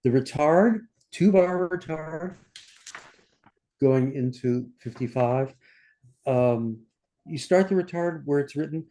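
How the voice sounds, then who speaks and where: An older man with a mellow, warm voice leads a masterclass over a video call. He talks through bar numbers at a middle pitch and breaks into sung scat syllables to show each phrase. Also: expressive, unhurried. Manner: sings passages in scat syllables between instructions. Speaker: conductor teaching a masterclass. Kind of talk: online masterclass walkthrough of a score. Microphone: computer mic on a video call.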